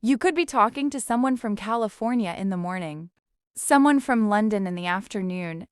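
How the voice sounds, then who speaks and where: A woman co-hosting an English-learning podcast, reading a scripted lesson in a calm, instructive way. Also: medium pitch, clean tone, no echo, studio quality. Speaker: podcast co-host teaching English. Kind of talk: scripted educational narration.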